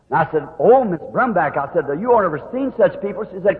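A man preaching with a Southern Indiana accent, telling his story in a folksy, animated way that rises to fervor. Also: high voice, fast talker, few pauses. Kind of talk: sermon storytelling. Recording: scratchy archival tape of a distant hall with telephone-like sound.

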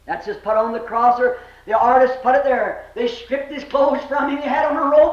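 A male preacher delivers an impassioned revival sermon, breaking into shouts and then dropping to hushed, low lines. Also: fairly even intonation, moderate pace, few pauses, heavy background noise. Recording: echoey, dull old sermon recording.

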